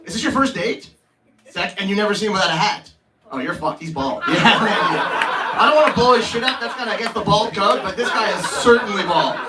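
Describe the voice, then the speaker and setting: Brash comic, high voice, roaring crowd. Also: male voice, animated, brisk. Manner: brash, teasing, profane. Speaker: stand-up comedian. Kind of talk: crowd work. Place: comedy club stage. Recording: distant mic, loud laughing crowd.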